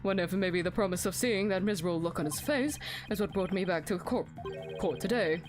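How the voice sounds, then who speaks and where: A woman's voice: on the low side, a little fast, music in the background, natural voice. A woman voicing a smug adult male chief prosecutor in an exaggerated, posh British accent.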